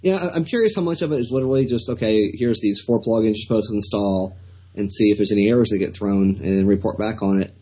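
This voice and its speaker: A man's voice: lowish voice, fast, mellow, husky, rough recording. A man co-hosting a casual podcast, talking in a rambling, hesitant way with many restarts. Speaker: podcast co-host.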